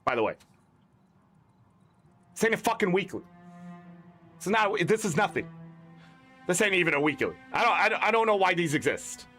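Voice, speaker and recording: A man's voice: high voice, very animated, moderate pace, pauses often, sharp tone, soft background music. A man ranting in exasperated, emphatic commentary as a gaming content creator, swearing often.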